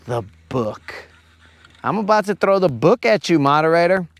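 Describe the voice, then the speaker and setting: A man's voice: high voice, fairly quick, creaky, no room sound. A man hosting a fishing livestream from a lake, bantering with his chat in a playful, teasing, slangy way.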